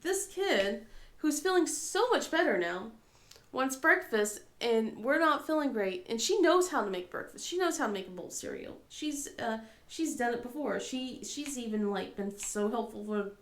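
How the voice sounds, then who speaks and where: A woman's voice: a little high, lively intonation, normal speed, echoey room. A woman with a cold and a scratchy throat, chatting casually as a crafting vlogger, rambling with lots of ums and laughing often. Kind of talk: casual chat.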